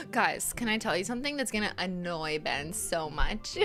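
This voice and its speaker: A woman's voice: lowish voice, sing-song, normal speed, fairly bright tone, faint music behind. A woman streamer chatting casually and rambling while playing a game, laughing often.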